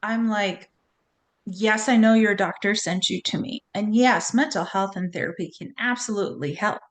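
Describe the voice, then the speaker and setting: A woman's voice: medium pitch, normal speed. A woman in her forties, a therapist, talking frankly and bluntly in a candid podcast conversation, swearing now and then. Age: 40s.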